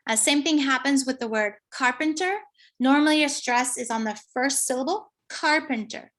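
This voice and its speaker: Her voice is high and a little bright as she, a researcher, delivers a conference talk. She explains her findings gradually, with frequent pauses and fillers along the way.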